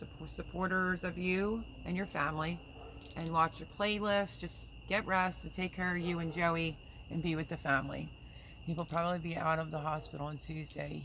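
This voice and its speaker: Woman host, slightly low voice, easygoing live chat, faint cricket noise behind. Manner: chatty and warm-hearted, reads viewer comments aloud, offers prayers. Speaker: livestream host. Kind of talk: casual live chat reading comments.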